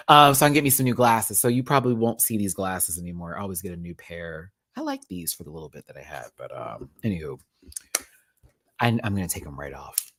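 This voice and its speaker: Animated man chatting on a livestream. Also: fairly low pitch. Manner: animated, chatty storyteller, swears freely, thanks viewers. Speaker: livestream host. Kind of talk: casual livestream chat. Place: home, indoors.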